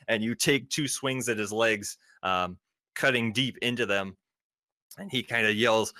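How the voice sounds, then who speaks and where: A man with a bright, forward voice narrates a tabletop game as game master, painting each moment of the fight in lively detail. The sound is dry and close to the mic. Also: medium pitch, moderate pace, dry recording. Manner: lively, vivid scene narration.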